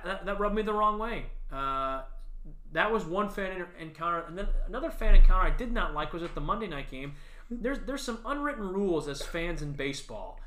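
Podcast co-host, man, animated profane ranter, bright edge, roomy sound. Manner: ranting, animated, profane, mocks others in shrill voices. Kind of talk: casual chat.

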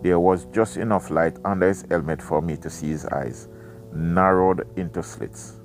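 A man reads a book aloud for his podcast, often drifting into chatty side remarks. His voice sits very low and has a gravelly rasp. Faint music plays softly behind him. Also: steady tone, moderate pace. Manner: rambling, chatty asides. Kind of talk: casual reading with side commentary.

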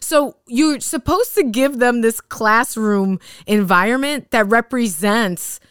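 A woman in her thirties, a teacher co-hosting a podcast, telling classroom stories in a casual, animated way and acting out what people said. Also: on the high side, slow, clean tone, dry recording, studio quality. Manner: animated storyteller who acts out quotes.

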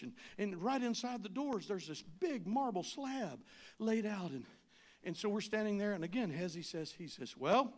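A man preaching a sermon as pastor, telling a travel story and rising to shouted, pleading appeals. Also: high-pitched.

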